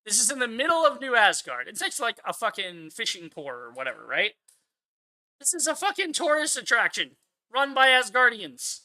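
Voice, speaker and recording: A man's voice: very high-pitched, wildly swooping pitch, a little fast, bright, forceful tone. A man hosting his own channel, giving a profane, exasperated rant of movie commentary. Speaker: channel host.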